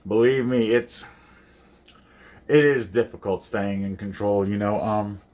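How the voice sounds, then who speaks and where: A man's voice: fairly low pitch, a little slow, darkish tone. A man hosting a casual home cooking vlog, chuckling now and then and talking with his mouth full. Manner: chuckling, talking while eating. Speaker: video host.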